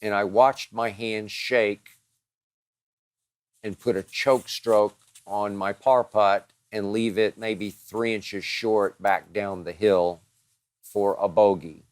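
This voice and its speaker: A man's voice: fairly low pitch, fairly even intonation, slow pace, no room sound. A man hosting a show, answering listener questions in a dramatic, emphatic monologue that piles up strong words.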